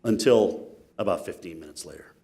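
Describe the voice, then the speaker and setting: A male TV meteorologist telling self-mocking stories in a lively keynote talk. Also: low-pitched, a little fast. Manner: animated, self-mocking anecdotes.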